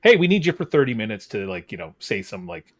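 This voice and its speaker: A man's voice: on the low side, very animated, fast. A man hosting a podcast who chats casually and explains the rules of a game. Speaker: podcast host.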